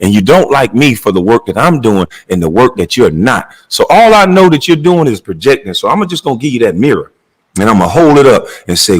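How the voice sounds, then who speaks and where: Man, middle-aged, commentator, heated rant, blunt, profane, animated pitch. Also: fairly quick, poor audio.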